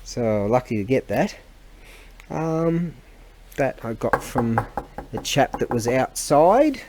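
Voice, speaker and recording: A man's voice: medium pitch, big pitch swings, slow pace, noisy background. A middle-aged man, chatting casually and rambling in a vlog, often losing his thread and laughing. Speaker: vlogger and antiques seller.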